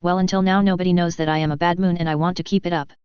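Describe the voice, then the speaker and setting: A woman narrating a first-person fan fiction story in a steady, plain manner. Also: on the low side, very fast, smooth, dry recording, highs cut off.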